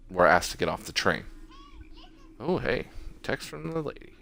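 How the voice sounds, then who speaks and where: A man's voice: lowish voice, big pitch swings, normal speed, gravelly, long pauses, sharp tone. A man hosting a casual let's play, commenting on the game in a sarcastic, wisecracking way.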